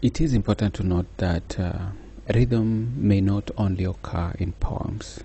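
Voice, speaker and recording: Slow, deep-voiced man lecturing. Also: mellow, a little hiss or hum. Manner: slow, measured explaining with fillers. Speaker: teacher. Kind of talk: recorded lecture.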